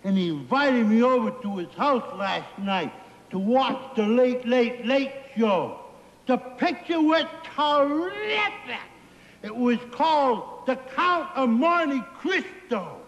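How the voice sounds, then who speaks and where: A man's voice: extremely high pitch, lively intonation, takes it slowly, dull audio, exaggerated voice. An actor playing a goofy, simple-minded man who tells silly jokes in a giggly, sing-song way, from a 1960s TV comedy sketch. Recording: old broadcast with reverb and hiss.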